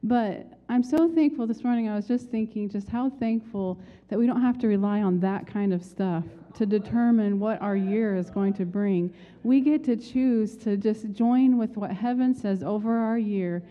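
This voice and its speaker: A woman's voice: medium pitch, moderate pace. A woman leading a church service, welcoming the congregation and praying aloud in an earnest, heartfelt way, repeating her phrases. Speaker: worship leader. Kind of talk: church welcome and spoken prayer. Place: church sanctuary. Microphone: handheld microphone. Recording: slightly dull sound with soft guitar behind. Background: soft guitar music.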